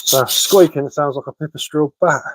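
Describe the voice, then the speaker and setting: A man's voice: on the high side, brisk, no echo, rough recording. Chatty Sussex man, dry close sound. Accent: Sussex English. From England. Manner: cheerful, chatty, peppered with rhyming slang. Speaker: live streamer of bushcraft and woodwork. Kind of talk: casual live chat answering comments.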